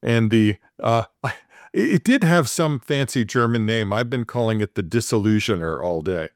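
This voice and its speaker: A man's voice: on the low side, expressive, normal speed, no echo, clean studio sound. A man in casual chat, telling a long story with many fillers and restarts.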